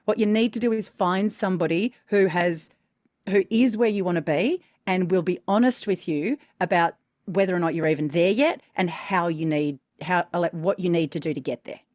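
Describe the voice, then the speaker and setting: A frank, emphatic woman coaching voice actors in casual podcast chat. Her voice sits a little low for a woman, and she keeps checking in with "right?". The sound is dry and close, with no room echo. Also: normal speed, a little mellow. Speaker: voice-over coach and podcast co-host.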